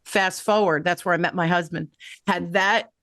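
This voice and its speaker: A woman's voice: lowish voice, fairly even intonation, normal speed, fairly bright tone, no echo, studio quality. A middle-aged woman from New Jersey hosting a podcast, telling stories in a chatty way and often checking in with "right?". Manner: chatty storyteller, keeps asking "right?". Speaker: podcast host. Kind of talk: casual interview chat.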